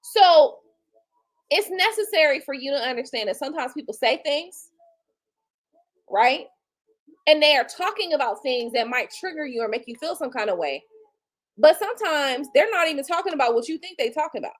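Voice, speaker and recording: This woman in her forties, a tarot reader hosting a livestream, has a high-sitting voice and a moderate pace, captured in a low-quality recording. Her casual rant is blunt, profane, and animated, with features, sarcastic asides, and mocking quoted retorts.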